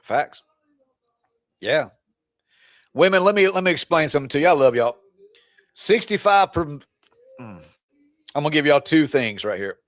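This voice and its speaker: A man's voice: on the high side, expressive, normal speed, long pauses, fairly bright tone, no echo, clean studio sound. Fired-up blunt man coaching. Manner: blunt, preachy and fired up, teasing the audience. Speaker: divorce and breakup coach. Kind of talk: live stream pep talk.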